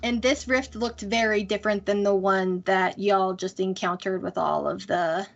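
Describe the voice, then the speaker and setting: A woman narrating a tabletop game as game master, pausing often and using many fillers. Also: mid-range voice, fairly even intonation, vocal fry, lo-fi sound, soft background music. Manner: hesitant, full of fillers.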